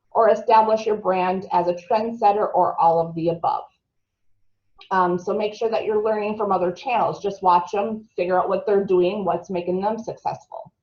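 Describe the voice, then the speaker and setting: A woman's voice: medium pitch, a little mellow. A woman leads a marketing training in a room full of trainees. She talks in a chatty way, throws questions out to the group and sometimes trips over a word. The recording is dull and lo-fi. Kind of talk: live training talk to a group.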